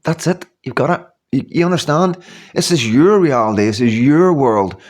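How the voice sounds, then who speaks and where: A man's voice: mid-range voice, expressive, moderate pace. Rambling, earnest man in his fifties. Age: 50s. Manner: rambling, earnest, many repeats and "you know what I mean". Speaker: YouTuber. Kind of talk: casual motivational talk to viewers.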